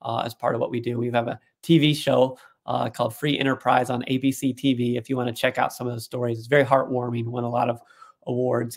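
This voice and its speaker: A man as an interview guest, telling an animated story and putting on voices for the people he quotes. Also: medium pitch, gravelly. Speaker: guest, tech executive.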